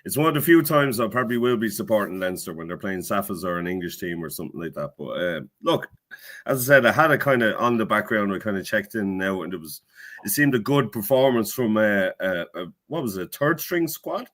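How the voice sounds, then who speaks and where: A man's voice: lowish voice, expressive, fairly quick, fairly bright tone. An Irish man as a podcast guest in casual chat, rambling and self-deprecating with many hesitations.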